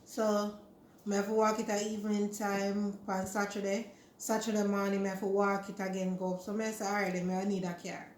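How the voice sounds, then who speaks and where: A woman's voice: mid-range voice, monotone, a little fast, a little mellow, roomy sound, a little hiss or hum. A woman with a Jamaican accent, retelling a story in casual chat and slipping into Jamaican Creole. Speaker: vlogger.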